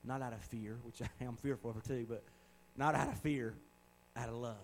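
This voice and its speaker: A man's voice: mid-range voice, fairly even intonation, a little fast, slight background noise, poor audio. A man in his forties preaching a sermon in a conversational way, with joking asides and words repeated for emphasis. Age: 40s. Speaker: pastor.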